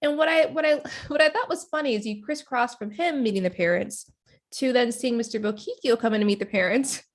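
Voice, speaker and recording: A woman's voice: a little high, a little fast. A woman guest on a podcast, animatedly retelling reality show scenes and acting out the quotes, often laughing. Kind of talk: casual chat recap.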